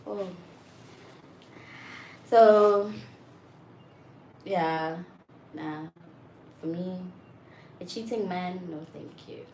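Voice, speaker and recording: A young woman chatting candidly and frankly, often getting loud and exasperated as she makes her point. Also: fairly low pitch, very slow, pauses often. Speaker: vlogger. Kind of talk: candid casual chat. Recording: roomy echo with faint background noise.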